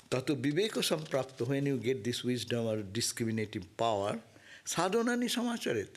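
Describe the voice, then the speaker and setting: Gravelly monk lecturing. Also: male voice, medium pitch. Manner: explains Sanskrit verses line by line, with frequent rhetorical "no?". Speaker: monk and spiritual teacher. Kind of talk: scripture class lecture.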